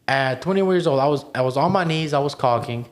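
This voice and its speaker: An adult man cohosting a podcast tells his own life story in a candid, motivational way. He leans hard on his points, swears freely and keeps throwing in "bro" and "man." His voice sits in an ordinary middle pitch. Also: fairly quick. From immigrated to the United States as a child. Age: adult, past twenty-one. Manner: emphatic and motivational, swears and says "bro" often.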